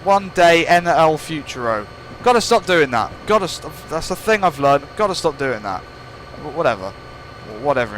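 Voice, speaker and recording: Over slight background noise, a young man who hosts a gaming channel offers rambling, playful commentary on his gameplay, poking fun at himself in a fairly high, fairly bright voice.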